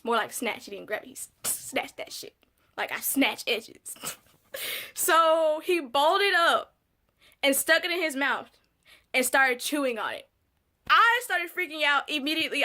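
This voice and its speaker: Bright high-voiced young woman telling a story. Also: measured pace, long pauses. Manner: candid, swearing, animated re-enactments. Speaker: vlogger. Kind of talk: casual storytime.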